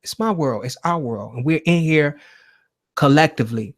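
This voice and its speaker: A man runs his own live show from home in a loose, rambling way, swearing as he goes. His voice sits a little high for a man. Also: normal speed. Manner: profane, rambling, conversational. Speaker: host of a live call-in show. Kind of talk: casual livestream talk.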